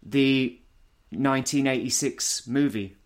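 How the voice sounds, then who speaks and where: A man's voice: medium pitch, slow pace. A man in casual conversation, talking bluntly and firmly about what he dislikes. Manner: blunt, opinionated, argumentative. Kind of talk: casual chat.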